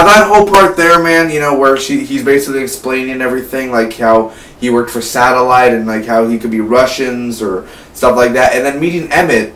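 Recorded from afar in an echoey room with a slight hum, a late-teen movie reviewer, eighteen and mid-pitched, excitedly spoils a film in a loose, wandering review. "Like" and "man" keep popping up in his speech.

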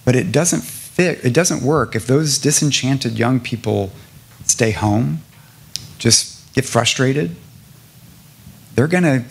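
Middle-aged man from South Carolina, gravelly husky voice, impassioned speaker at a public forum, stacks lists and rhetorical questions. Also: medium pitch. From South Carolina, USA. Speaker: nonprofit president speaking to an audience. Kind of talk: public talk answering a question.

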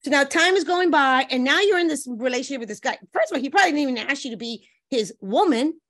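A woman relationship coach talking as a guest, giving lively advice and acting out playful quotes in different voices. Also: high voice, fast. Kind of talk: animated advice chat with acted-out quotes.

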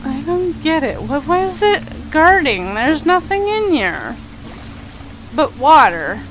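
A woman's voice: high voice, slow pace, soft background music, poor audio. A woman streaming a game live, chatting with viewers and yelping panicked no's. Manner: animated, chatty, yelps panicked repeated no's. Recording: steady rain noise behind the voice.

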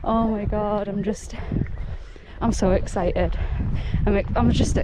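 A woman's voice: mid-range voice, fairly even intonation, slow pace, noisy background. A woman out of breath as she hikes, talking casually to camera in a giddy, gushing way with frequent laughter. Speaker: solo hiking vlogger. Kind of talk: casual talk to camera while walking. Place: outdoors on moorland trail.

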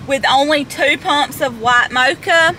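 A young woman vlogging from her car with a high, sparkly voice that sits well above the usual. She rambles in a chatty, self-deprecating way, full of fillers. Faint car hum sits behind her. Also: a little slow, sharp tone. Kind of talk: casual vlog chatter. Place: inside a parked car in a drive-thru line. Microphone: handheld camera close up.

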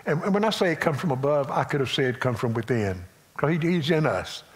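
A man's voice: a little high, expressive, a little fast. Folksy Southern preacher, a man. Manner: folksy preaching, swings between loud emphasis and quiet asides. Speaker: pastor. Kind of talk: sermon.

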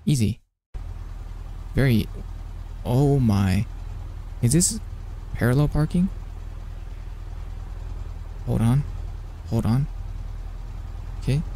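A young man giving live gameplay commentary as a streamer, excitable and flustered, talking to himself and repeating words over and over. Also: mid-range voice, slight background noise.

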